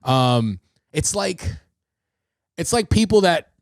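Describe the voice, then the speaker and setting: Speaking slowly in a slightly high voice, a young New York City podcast host tells stories on his livestream, casual and animated and swearing freely. The studio-quality recording has no room sound.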